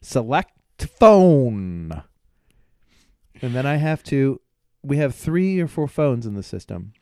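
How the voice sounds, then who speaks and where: A man co-hosting a casual podcast chat, telling stories with lots of laughter and acted-out yelling. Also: medium pitch, normal speed, no room sound, clean studio sound. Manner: animated storyteller, laughs often, acts out yelling at devices. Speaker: podcast co-host.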